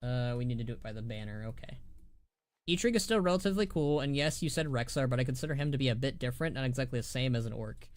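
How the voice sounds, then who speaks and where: A man streaming as a VTuber, chatting casually while playing, animated and opinionated, often stumbling and repeating words. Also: mid-range voice, fast, no echo, clean studio sound.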